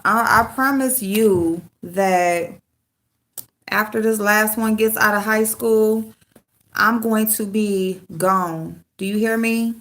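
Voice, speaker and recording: A woman's voice: medium pitch, fairly even intonation, slow, fairly bright tone. A middle-aged woman venting in casual livestream chat, frank and loose, swearing freely as she talks to viewers. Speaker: livestream host.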